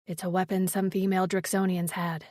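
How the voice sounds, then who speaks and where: A woman voicing a gruff, protective male warrior who speaks in a low, clipped growl. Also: little pitch movement, brisk, a little mellow, no echo, studio quality, lightly acted. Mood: stern.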